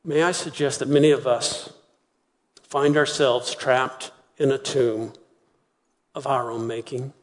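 A man preaching a sermon, retelling a story with lively acted-out voices. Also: medium pitch, a little slow, pauses often, in a large hall, a little hiss or hum. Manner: animated storytelling, acting out voices. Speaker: pastor.

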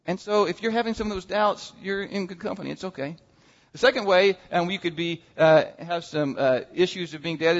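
Guy preaching easter sermon, kinda high voice, long church echo, dull sound. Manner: conversational, animated, acts out inner voices. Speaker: pastor. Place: church sanctuary. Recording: dull sound in a reverberant hall.

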